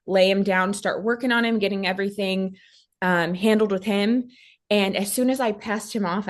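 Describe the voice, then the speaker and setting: A young woman tells a personal story as a podcast guest, casual and animated. She slips into other people's voices when she quotes them. Her voice sits at a medium pitch. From Texas.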